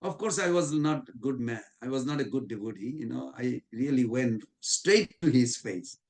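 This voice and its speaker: A man's voice: medium pitch, expressive, normal speed, darkish tone. A man giving a devotional class, telling anecdotes in informal, non-native English and chuckling often. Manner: storytelling with frequent chuckles.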